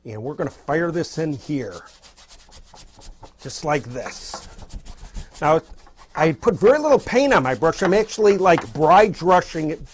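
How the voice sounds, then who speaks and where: A male painting instructor demonstrates abstract painting casually, talking as he works in a loose, spontaneous, encouraging way. His husky voice is fairly high with big pitch swings, and he speaks unhurriedly with frequent pauses.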